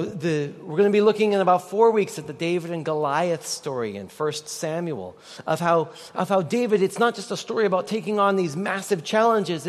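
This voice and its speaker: A man's voice: on the high side, darkish tone. A man preaching a sermon as pastor, conversational and joking with the congregation. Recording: long reverb of a large hall.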